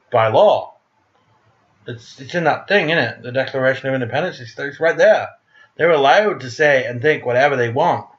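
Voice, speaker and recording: A man's voice: mid-range voice, a bit bright, highs cut off. A man ranting in a casual monologue, blunt, profane and sarcastic, who speaks of himself as "we". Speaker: vlogger.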